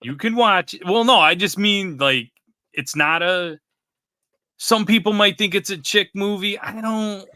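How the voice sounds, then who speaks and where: Podcast dude rambling, very bright tense voice, kinda high, dry sound. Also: male voice, a little slow, no echo. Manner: rambling, searches for words. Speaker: podcast co-host. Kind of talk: casual chat.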